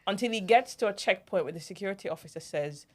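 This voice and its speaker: A woman, hosting a podcast and telling personal stories in an animated way, laughing often. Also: mid-range voice, fast. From Jamaica. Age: 40s. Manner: animated storyteller, laughs easily. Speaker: podcast host. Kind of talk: casual storytelling chat.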